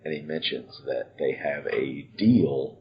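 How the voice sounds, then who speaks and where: A man co-hosting a casual podcast, recapping an old wrestling event in a wry, deadpan way. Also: rumbling low, takes it slowly. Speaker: podcast co-host. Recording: dull lo-fi podcast audio.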